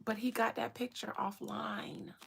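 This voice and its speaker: A woman's voice: a little high, flat delivery, unhurried, creaky, a little hiss or hum. A woman hosting a livestream, giving chatty commentary and often dropping into whispered asides. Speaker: livestream host. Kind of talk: casual commentary.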